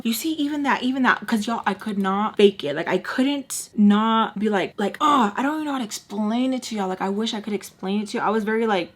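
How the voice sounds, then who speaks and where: A woman's voice: medium pitch, a little fast, hardly any pauses. Young woman, casual storytime vlog, chatty, acts out quotes. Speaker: storytime vlogger.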